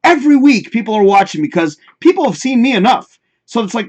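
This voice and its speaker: A man's voice: very high voice, big pitch swings, brisk. A man hosting a live talk show in casual, rambling chat, swearing freely and talking straight to his viewers.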